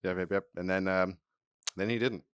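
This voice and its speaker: A man's voice: deep voice, fairly even intonation, normal speed, clean tone, no echo. Laid-back young man, dry close sound. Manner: laid-back, agrees with "yep", acts out quotes with shouted voices. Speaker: podcast co-host. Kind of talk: casual chat.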